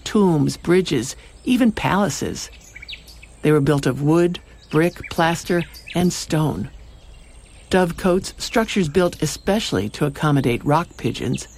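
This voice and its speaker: A woman radio presenter reading a scripted short feature in a measured, storytelling way. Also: deep voice, a little mellow, slight background noise. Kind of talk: scripted narration.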